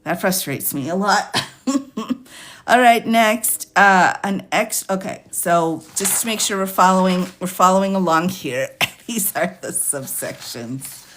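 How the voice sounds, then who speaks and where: A woman's voice: medium pitch, lively intonation, takes it slowly, fairly bright tone. A woman hosting a casual livestream, talking through a bill with a sassy edge, laughing often and reading legal text aloud. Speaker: livestream host discussing legislation.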